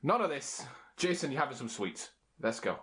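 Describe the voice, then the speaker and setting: A man playing a tabletop role-playing game, excitable and full of stammered restarts as he describes his character's actions. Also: mid-range voice, normal speed, a crowd in the background. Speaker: player.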